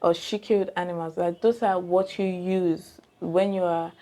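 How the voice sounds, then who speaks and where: A woman's voice: lowish voice, fairly even intonation, normal speed, mellow. A young woman with a Nigerian accent, casually retelling a true crime case, chatty and digressive, often asking her viewers questions. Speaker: true crime channel host.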